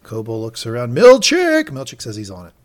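A man's voice: on the low side, fast talker, a little mellow. A man co-hosting a casual recap podcast, acting out character lines with big jumps in his voice. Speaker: podcast co-host recapping a TV episode. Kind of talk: casual chat.

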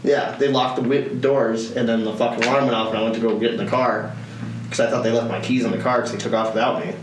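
This is a young man co-hosting a podcast, speaking quickly at medium pitch with little movement in his pitch. His casual storytelling is loose and full of profanity, broken up by frequent laughter. Expect an echoey room, faint noise, and a distant microphone.

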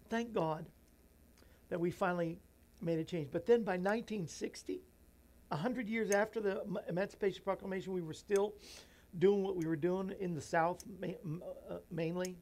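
Man, talk show host, reading a children's book aloud, earnest, folksy asides, emotional, softening voice. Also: high voice. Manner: emotional, voice drops soft and near tears.

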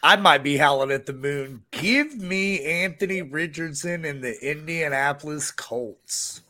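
A male panelist giving brisk, confident picks. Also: fairly high pitch, sharp tone.

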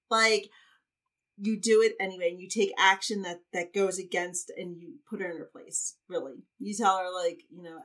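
A woman's voice: fairly low pitch, steady tone, moderate pace, fairly bright tone, recorded from a distance. A woman podcast guest speaking in an encouraging, coaching tone in casual chat.

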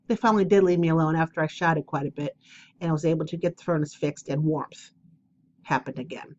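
A woman's voice: low voice, brisk. Chatty lady rambling on her home vlog, kinda dull muffled sound, faint hiss behind. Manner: chatty, rambling, self-deprecating, animated storytelling. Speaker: oracle card reader. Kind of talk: casual rambling vlog chat. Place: at home, indoors.

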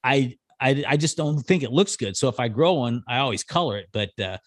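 A man's voice: medium pitch, lively intonation, brisk, no room sound, studio quality. A middle-aged man hosting a podcast on a video call, easygoing, thinking aloud with many "I think"s in casual conversation. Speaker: podcast host. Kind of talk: casual interview chat.

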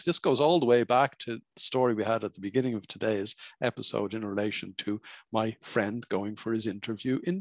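A man's voice: medium pitch, no room sound. A man hosting a self-help podcast, who teaches in an emphatic, repetitive, preacherly way. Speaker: podcast host.

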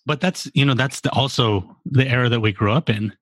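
A man's voice: medium pitch, brisk, fairly bright tone, no room sound. A man in his forties in a casual podcast chat, rambling and profane with lots of fillers. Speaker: podcast co-host.

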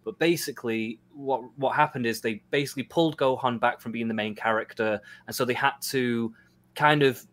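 A man in a casual stream chat, explaining at length in a measured way, with frequent "like". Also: mid-range voice, fairly bright tone. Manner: measured, explanatory, uses "like" often.

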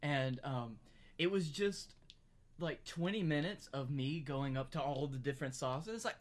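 A man's voice: fairly high pitch, lively intonation. A man co-hosting a podcast, chatting casually and riffing playfully on jokes. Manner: playful, quick to riff on jokes. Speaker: podcast co-host. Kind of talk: casual comedic chat.

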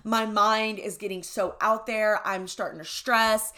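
Woman, young adult, podcast host, bright tone, casual storytelling, candid, swears a lot. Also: medium pitch, steady tone, measured pace. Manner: candid, swears freely, says "right?" and "y'all".

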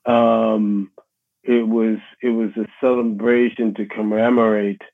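A middle-aged man with a New York accent, a musician being interviewed, speaking in a halting, reflective way with many restarts. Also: on the low side, level tone. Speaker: guest musician. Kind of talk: casual interview conversation. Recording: husky voice over a tinny phone line.

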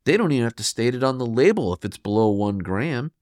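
A man hosts a solo health podcast in clean studio sound with no room ambience. His medium-pitched, slightly mellow voice moves quickly with big pitch swings as he emphatically scolds listeners and occasionally mimics their thinking in quoted asides.

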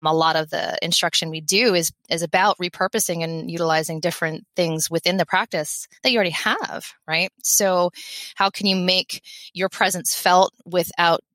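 A woman's voice: lowish voice, normal speed, no echo. Upbeat, chatty woman in her thirties. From Philadelphia area, USA. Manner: upbeat, energetic, laughs often. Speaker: podcast guest, veterinary technician. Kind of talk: conversational interview.

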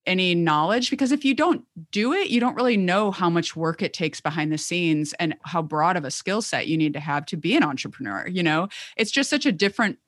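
A woman's voice: on the low side, animated, brisk, few pauses, no echo, clean studio sound. A woman in her thirties, an occupational therapist guest, talking chattily and rambling with lots of filler words. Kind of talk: conversational interview.

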